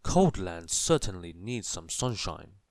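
A man voicing a wise, brisk old wizard with loud, emphatic exclamations, in a storybook read-aloud. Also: low-pitched, sing-song, dry recording, heavily acted.

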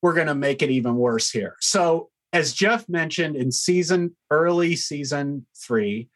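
Casting: sardonic podcast co-host, relaxed chat, mid pitch. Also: measured pace. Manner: mocking, animated. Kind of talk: casual chat.

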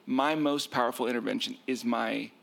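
Gravelly-voiced male marriage therapist. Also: medium pitch, steady tone, moderate pace, a bit bright. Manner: acts out quoted arguments, self-described nerding out. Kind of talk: animated explanatory talk.

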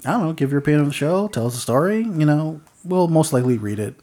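A man's voice: on the high side, lively intonation, fast, mellow. A man hosting a casual podcast, telling stories in a rambling way with lots of fillers and chuckles. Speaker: podcast host.

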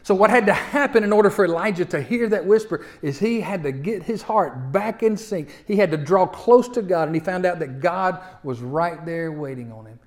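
A man preaches a folksy sermon. His voice sits fairly high, rises loud at the peaks and drops to a near hush. He often stumbles over his opening words and repeats them. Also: animated, normal speed, few pauses. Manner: folksy preaching with big swings from loud to hushed; repeats words when starting sentences. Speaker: pastor.

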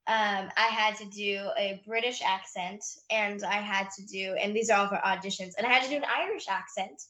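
Woman, American accent, bright tone, mid pitch, chatty, hesitant, lots of fillers. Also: moderate pace. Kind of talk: casual interview chat.

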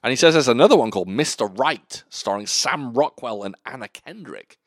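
A man co-hosting a casual podcast chat about films, animated and swearing freely, laughing easily. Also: medium pitch, a little fast, dry recording, studio quality. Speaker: podcast co-host.

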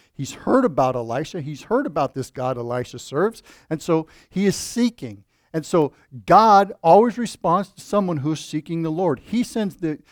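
A man's voice: on the high side, a little mellow, no room sound, clean studio sound. A man preaching a sermon in a conversational way, with asides and rhetorical questions to the congregation. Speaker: pastor.

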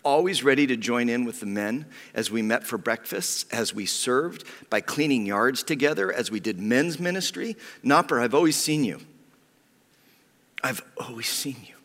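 A man preaching a sermon as pastor, heartfelt and personal, often sinking to a hushed whisper. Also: mid-range voice, lively intonation, normal speed. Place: church sanctuary. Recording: long reverb of a church hall.

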